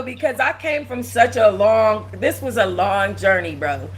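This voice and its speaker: A woman's voice: medium pitch, unhurried, rough recording. A young adult woman hosts a casual livestream and talks straight to her viewers. She is blunt and profane, with a plain mid-range voice. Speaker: channel host.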